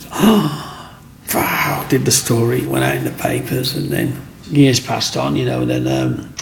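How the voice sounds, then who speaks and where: Gravelly man telling stories. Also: medium pitch, normal speed, slight background noise. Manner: animated storyteller acting out other people's lines. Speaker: interviewee. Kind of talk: storytelling in an interview.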